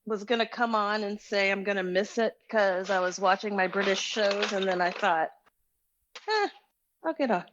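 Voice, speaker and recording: A woman's voice: medium pitch, level tone, normal speed, few pauses, a bit bright, muffled recording, slight background noise. A woman with a Southern US accent, calling in and chatting casually, telling stories. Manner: chatty, storytelling. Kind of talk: casual chat.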